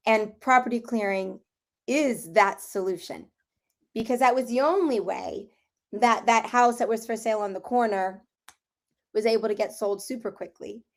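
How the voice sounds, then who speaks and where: A middle-aged woman with a slightly hoarse voice, telling a story in a casual group conversation and acting out what people said. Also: on the high side. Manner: animated storyteller, acts out quotes, laughs while telling. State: slightly hoarse, clearing throat. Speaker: property clearing practitioner.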